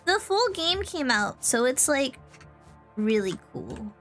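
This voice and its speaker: Young woman from texas streaming a game, chatty and giggly, slow easy talk, faint music behind. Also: high voice, sing-song, fairly bright tone. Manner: rambling, giggly, lots of "like" and "um". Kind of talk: casual chat.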